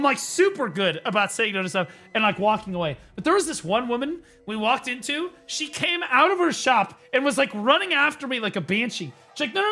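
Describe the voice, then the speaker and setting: A man's voice: very high voice, pushed and bright. A young man streaming, telling a story to his viewers in a casual, profane way full of fillers.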